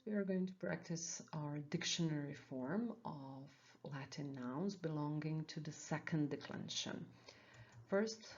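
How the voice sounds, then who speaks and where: Slow, low-voiced woman teaching Latin. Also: mellow, muffled recording. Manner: methodical, repeats key points for learners. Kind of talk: slow, patient lesson explanation.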